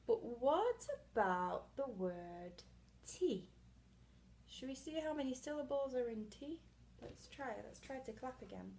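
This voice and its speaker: Slow, patient woman teaching little children. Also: fairly high pitch, creaky, noisy background. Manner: patient, explaining slowly to small children, many "okay?" check-ins; claps and calls out syllables, some words half-whispered. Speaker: reading teacher. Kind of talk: early literacy read-aloud lesson.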